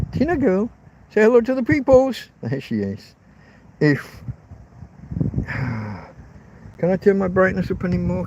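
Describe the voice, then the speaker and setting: Standing outside under an umbrella, an older English vlogger chats on a livestream in a loose, rambling way, dropping casual swear words. The mic is distant and the highs are cut off, so his mid-range voice comes through muffled amid heavy background noise.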